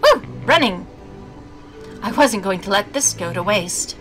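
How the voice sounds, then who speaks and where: A woman's voice: medium pitch, expressive, unhurried, a bit bright. Female streamer reading a story game aloud; wry commentary, music underneath. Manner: snarky asides between narration. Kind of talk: reading a visual novel aloud.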